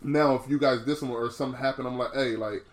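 A man's voice: mid-range voice, level tone, fast talker. A man co-hosting a podcast, talking frankly in casual chat, swearing often and calling others "bro". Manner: frank, profane, says "bro" a lot, many restarts. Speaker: podcast co-host.

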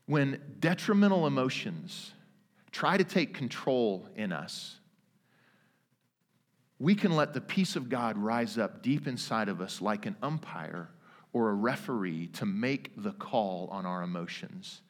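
A man in his thirties preaching a sermon, earnest and emphatic, with dramatic pauses. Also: mid-range voice, expressive, fairly bright tone. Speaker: pastor. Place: church sanctuary. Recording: long reverb of a church hall.

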